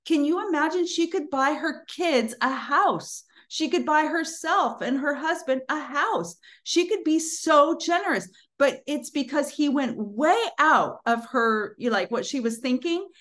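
A middle-aged woman giving a casual Christian teaching, telling stories in a lively, conversational way and laughing often. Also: high voice, a little slow. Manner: animated storytelling, frequent laughter; conversational, with fillers like "you know" and "like".

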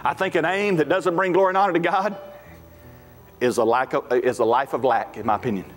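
A man's voice: a little high, steady tone, a little fast. A man, preaching a sermon as pastor in a folksy, emphatic way. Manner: folksy, emphatic, rising to shouts at climaxes. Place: church sanctuary. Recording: echoey hall with faint music.

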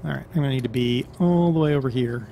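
A man's voice: mid-range voice, fast, gravelly, warm tone, a little hiss or hum. A man giving casual, joking commentary while playing a driving game, often laughing at himself. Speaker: gameplay commentator. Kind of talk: casual let's-play commentary.

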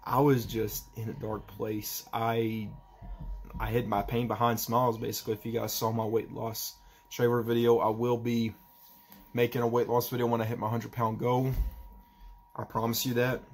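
A young man talking in a personal vlog, halting and emotional as he tries not to cry, with a faint hiss behind him. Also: mid-range voice, little pitch movement. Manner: halting, emotional, restarts often. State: holding back tears. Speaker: vlogger.

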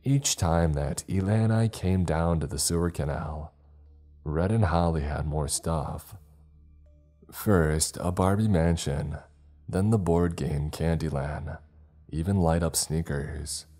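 A man narrating a scripted horror story in a slow, ominous manner. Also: a bass voice, warm tone, faint music behind.

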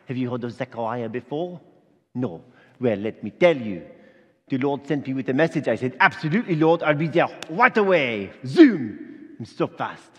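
A man's voice: a little high, lightly acted. A vain, joking male angel messenger, played by a man on stage at a Christmas Eve service. He brags and plays to the crowd in a slightly raised voice. The sound rings with long reverb through the church hall. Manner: showy, jokey, playing to the crowd. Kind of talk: comic stage monologue. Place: church sanctuary before a congregation.

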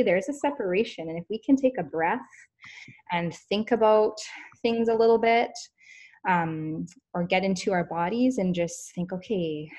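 Female host, lower pitch, earnest and unpolished delivery. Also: a little mellow. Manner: earnest, lots of fillers and restarts. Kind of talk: wellness talk.

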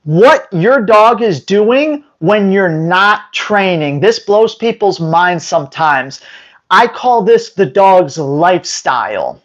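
This man's voice sits high and animated in a muffled recording as he gives direct-to-camera dog training advice. He is emphatic and at times mimics owners and dogs in rapid voices.

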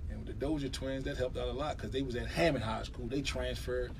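A man's voice: medium pitch, fast talker, vocal fry, distant mic, noisy background. A middle-aged man, animatedly telling stories about his basketball days in a casual interview, swearing freely. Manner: animated storyteller, swears freely, acts out quotes. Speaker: former basketball player, guest.

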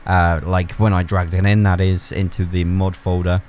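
A young man giving excitable gameplay commentary, laughing a lot and swearing freely. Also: low voice, normal speed, hardly any pauses, a little hiss or hum. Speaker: gaming YouTuber.

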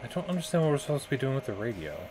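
A man's voice: medium pitch, big pitch swings, very fast, over music, poor audio. A young adult man streaming a game, muttering and thinking aloud as he plays. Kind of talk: casual gameplay chat.

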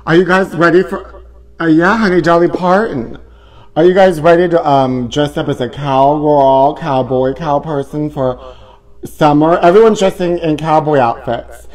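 A man's voice: a little high, moderate pace. A man hosting a campy live tabloid chat show, flamboyant and exclamatory, hamming it up as a mock-country cowboy host.

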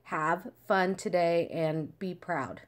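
A woman, an aunt, leaving a measured, loving congratulation message. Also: on the low side.

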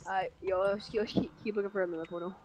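A woman in a casual multiplayer game chat, quick and playful, laughing often. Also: mid-range voice, steady tone, noisy background.

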